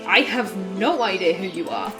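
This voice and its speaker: A woman voicing a thoughtful, earnest young heroine, reading her lines and inner thoughts quietly over game music. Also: medium pitch, expressive, moderate pace, lightly acted. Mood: reflective.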